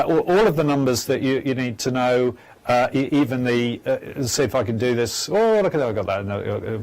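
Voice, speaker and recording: A man hosting a live phone-in show as a psychic medium, speaking gently and haltingly, with many stammers and restarts. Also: mid-range voice.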